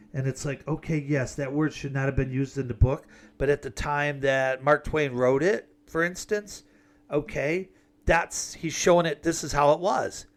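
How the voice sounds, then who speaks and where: A man delivering an emphatic, rambling political monologue with sarcastic asides. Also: on the high side. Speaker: political commentator.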